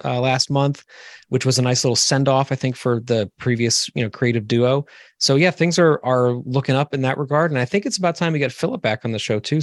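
An upbeat male co-host in casual podcast conversation, scattering fillers as he talks. His voice is mid-pitched, dry and close to the mic. The tone stays relaxed and friendly. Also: dry recording.

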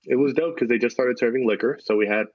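A man's voice: medium pitch, fast talker, lo-fi sound. A man co-hosting a casual remote podcast chat, dry and sarcastic in his delivery. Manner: deadpan, sarcastic. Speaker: podcast co-host. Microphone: remote recording.

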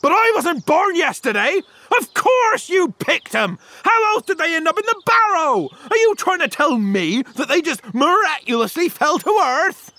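A man's voice: extremely high pitch, sing-song, normal speed, hardly any pauses, bright, forceful tone, no echo, exaggerated voice. A man playing a mocking, exasperated landowner. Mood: scornful. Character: gruff, scornful male English landowner.

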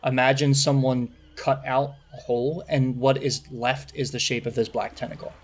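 A man narrating a tabletop game as game master in a relaxed, descriptive way with many fillers. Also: medium pitch, normal speed.

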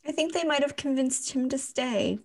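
A woman's voice: sits high, normal speed. Playful, giggly woman co-host. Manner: playful, giggly, quotes characters jokingly. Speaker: podcast co-host. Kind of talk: casual chat.

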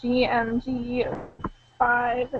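A young woman co-hosting a casual gaming podcast, giggly and animated. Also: fairly high pitch, drawn-out words, narrow, tinny audio, a little hiss or hum. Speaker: podcast co-host. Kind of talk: casual chat.

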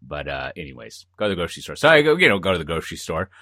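Brief: deep-voiced male podcast co-host, bright tone, animated and digressive, dry close mic. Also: racing, no room sound. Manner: rambling, jokey storytelling with many asides. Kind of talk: casual chat. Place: lives in Texas.

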